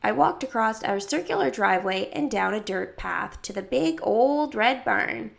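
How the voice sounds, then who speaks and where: A woman narrating a children's book in the first person, lively, jumping up to higher pitch for other characters' lines. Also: moderate pace, gravelly. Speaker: audiobook reader.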